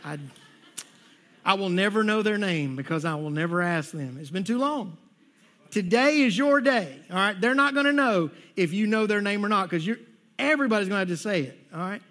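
A man's voice: sits high, fairly quick, fairly bright tone. A male pastor giving a conversational sermon to his congregation, often repeating words as he goes. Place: church sanctuary.

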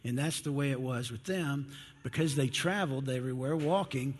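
A man delivers a sermon in a relaxed, folksy storytelling manner. His voice is husky, neither high nor low. It rings with the long reverb of a large hall. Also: moderate pace. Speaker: preacher.

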